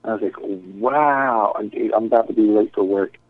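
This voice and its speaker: A man's voice: lowish voice, normal speed, dry recording. A man casually telling a rambling story full of swearing and acted-out quotes. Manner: profane, rambling, acts out quotes. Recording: tinny phone-like dry sound.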